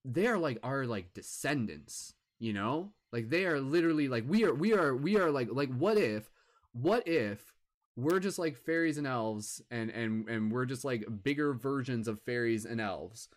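A man's voice: medium pitch, animated, normal speed. A young man doing improvised stand-up at an open mic, rambling with lots of filler words and restarts. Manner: heckles himself in a mock crowd voice.

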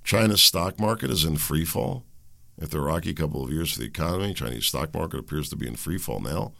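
Deep-voiced guy doing solo talk radio, swoops up and down a lot, chuckles at his own jokes. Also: lively intonation, fast talker, creaky, bright, forceful tone. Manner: rambling, conversational, chuckles at his own remarks. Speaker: radio show host. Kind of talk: solo opinion commentary.

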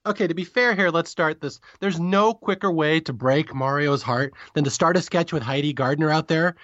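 A man co-hosting a podcast, chatting casually and quickly about a comedy episode, often correcting himself mid-sentence. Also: a little high, fairly bright tone, no echo, highs cut off. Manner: rapid, chatty, self-correcting. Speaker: podcast co-host. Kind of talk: casual review chat.

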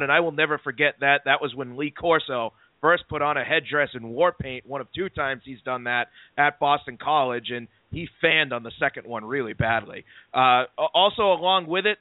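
A man hosting a sports talk show, chatty and excitable, throwing in quick asides. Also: a little high, dry recording. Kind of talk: casual sports radio talk. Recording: dry, tinny phone-like line.

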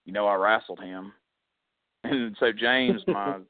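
A man's voice: lowish voice, measured pace. A man tells a story on a wrestling podcast, breaking into quoted voices for the other people in it. The sound is thin and phone-like, with no room echo. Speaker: podcast co-host. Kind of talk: casual storytelling chat. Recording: dry, phone-like audio.

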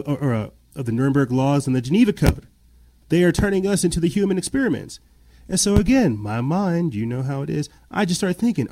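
A man's voice: a little high, mellow. A man giving agitated, repetitive commentary and reading news aloud, his voice rising when indignant. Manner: agitated, repeats himself, voice rises when indignant. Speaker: podcast host.

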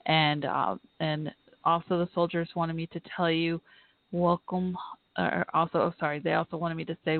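A woman hosting a live podcast, talking in an earnest, heartfelt, halting way and reading aloud. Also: deep voice, creaky, no room sound. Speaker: podcast host. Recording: tinny phone-line audio, dry.

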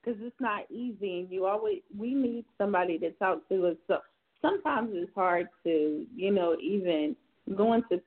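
A woman's voice: medium pitch, animated, normal speed. Chatty woman host on a tinny line. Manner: chatty, leans on "you know" fillers. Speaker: talk show host. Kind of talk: casual chat with a guest and callers.

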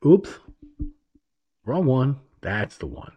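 A man's voice: medium pitch, big pitch swings, slow, mellow, slightly rough. A man hosting an internet radio show, delivering a sarcastic, rambling political monologue and repeating himself.

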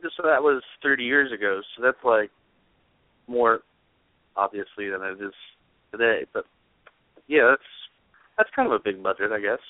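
A man's voice: fairly low pitch, moderate pace, long pauses, no echo. A man co-reviewing a movie on a podcast, rambling and hedging with lots of "like". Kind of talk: casual movie review chat. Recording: dry phone-like sound.

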